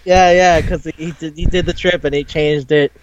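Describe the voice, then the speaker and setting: A man's voice: on the high side, steady tone, normal speed, a little hiss or hum. A man co-hosting a casual anime recap podcast, swearing often, laughing and acting out the characters' lines. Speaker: podcast co-host. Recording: dull lo-fi sound, dry room.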